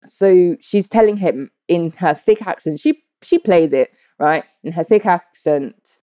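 A woman in her thirties telling a personal story straight to her viewers, animated, blunt and full of swearing. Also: fairly low pitch, measured pace, no echo, clean studio sound. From United Kingdom. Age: 30s. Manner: animated, blunt and profane, addresses viewers directly. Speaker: vlogger.

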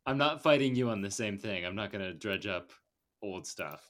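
Joking young man with a low voice. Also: expressive, moderate pace, a bit bright. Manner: joking, teasing banter. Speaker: podcast co-host. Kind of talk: casual chat.

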